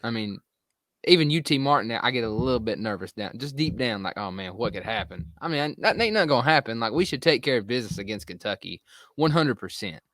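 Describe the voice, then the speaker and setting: Bright-voiced man, chatty. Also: mid-range voice, expressive, fast, no room sound, clean studio sound. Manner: earnest, rambling, agreeable. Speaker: podcast co-host. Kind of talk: casual sports chat.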